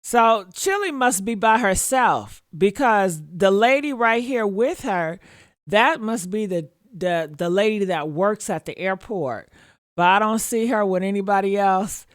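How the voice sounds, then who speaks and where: A woman's voice: mid-range voice, no room sound, studio quality. A woman giving casual reaction commentary, sassy and mocking, laughing often and talking straight to her viewers.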